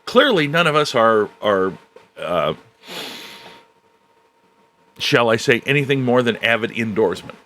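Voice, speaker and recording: A man hosting a podcast, chatting casually in a halting way with frequent "uh" pauses. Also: mid-range voice, very animated, bright, forceful tone. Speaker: podcast host. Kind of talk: casual chat.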